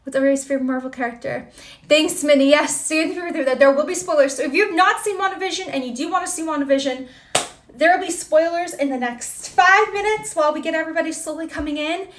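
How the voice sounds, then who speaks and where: Woman host, high bright voice, bubbly and exclamatory, chatty live stream with viewers. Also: fast talker. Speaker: livestream host. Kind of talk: casual livestream chat, reading viewer comments.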